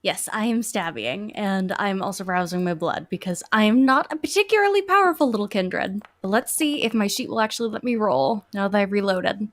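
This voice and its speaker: Lively woman playing a tabletop game. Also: mid-range voice, brisk, few pauses, no room sound. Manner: swears freely, joking. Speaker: player. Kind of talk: casual tabletop game play.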